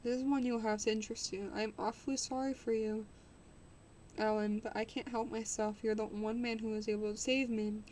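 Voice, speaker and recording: A woman reading as a desperate young gentleman pleading. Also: on the high side, a little hiss or hum, close to an everyday voice. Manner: urgent, plain reading voice with slips. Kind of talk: reading a novel aloud.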